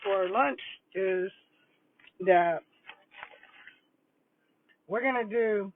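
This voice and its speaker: A woman's voice: medium pitch, extremely slow. Older woman, rambling livestream chat. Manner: rambling, chatty, talks while eating. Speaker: retired school principal vlogger. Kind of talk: casual livestream chat over lunch. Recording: tinny phone-like dry audio.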